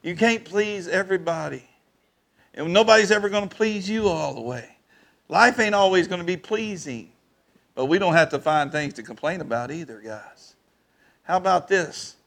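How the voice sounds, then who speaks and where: A man preaching to his congregation in a lively, folksy way. His voice sits a little high for a man, and he keeps calling out to the pews for answers. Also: moderate pace, gravelly. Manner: lively preaching with crowd call-outs and folksy grammar. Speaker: pastor. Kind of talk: sermon. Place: church.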